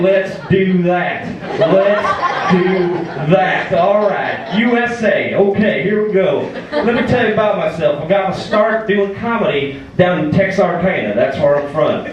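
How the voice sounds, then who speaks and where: A man playing a loud, crude Southern redneck comic with a drawl, performing stand-up in a comedy club. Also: a little high, distant mic, natural voice. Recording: echoey club heard from afar. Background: crowd laughing.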